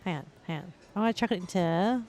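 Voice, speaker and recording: A woman's voice: fairly low pitch, fast, faint music behind. A young adult woman live-streaming a game, chatting casually and rambling with lots of filler words. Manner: bursts into excited squeals and laughs.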